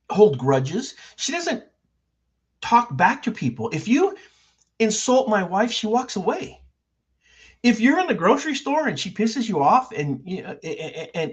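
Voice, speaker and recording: A man's voice: sits high, breathy edge. An older man hosting a livestream, ranting heatedly and repeating himself for emphasis. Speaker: livestream host. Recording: dull lo-fi stream audio.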